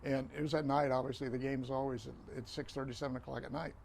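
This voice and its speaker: An older man, a retired referee, telling stories as a guest in a podcast interview, animated, repeating phrases and acting out dialogue. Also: medium pitch, quick pace, creaky, a little hiss or hum.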